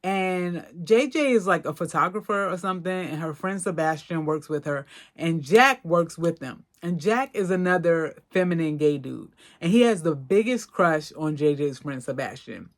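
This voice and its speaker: A woman hosting a podcast, recapping a film in a chatty, slangy, expressive way. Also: on the low side, moderate pace. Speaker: podcast host. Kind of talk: casual movie recap.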